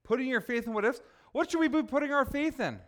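A man's voice: extremely high pitch, fast, fairly bright tone. A man preaching a sermon, emotional at times, often asking his listeners rhetorical questions. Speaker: pastor.

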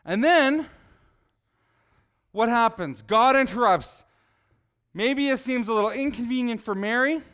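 A middle-aged man preaching in a relaxed, conversational way. His voice sits high for a man and sounds smooth and clear. He keeps asking the congregation questions and acts out little scenes. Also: unhurried, pauses often. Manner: conversational, asks the audience questions, acts out people. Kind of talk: casual sermon.

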